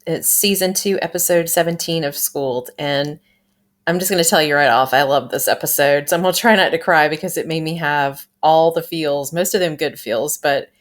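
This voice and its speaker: A chatty woman with a low-pitched voice talks through a TV episode review in a casual vlog. She giggles often and pads her talk with fillers. Her tone is loose and unscripted.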